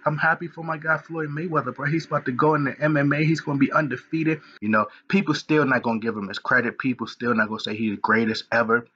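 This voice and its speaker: Excited husky-voiced man vlogging. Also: medium pitch, fast talker, hardly any pauses, lo-fi sound. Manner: excited, animated, slangy. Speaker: sports commentary vlogger. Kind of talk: excited casual commentary.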